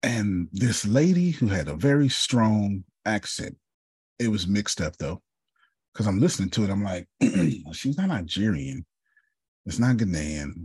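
A man speaks to a group in a very deep, somewhat husky voice, recorded close and dry. He tells personal stories in a loose, conversational way, calling on listeners by name. He clears his throat often. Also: dry recording. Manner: storytelling, calls listeners by name. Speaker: speaker leading a group session. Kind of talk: motivational talk to a group.

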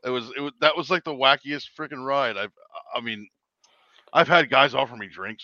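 Male driver retelling a wild ride, rambling, bright and dry, slightly dull lo-fi sound. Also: mid-range voice, normal speed, no echo. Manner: rambling, repeats words and quotes people. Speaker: rideshare driver telling a story. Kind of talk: casual storytelling chat.

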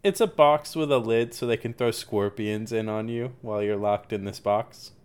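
A man's voice: on the low side, normal speed, clean tone. A man co-hosting a podcast, casually and animatedly retelling movie scenes with frequent laughter. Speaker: podcast co-host. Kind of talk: casual movie-recap chat.

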